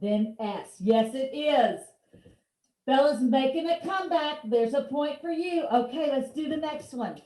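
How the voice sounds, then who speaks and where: A woman leads a one-on-one reading lesson over a video call. Her voice sits high and her pace is slow and deliberate, with playful, encouraging prompts. The sound carries a roomy echo. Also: animated, warm tone. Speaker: reading teacher.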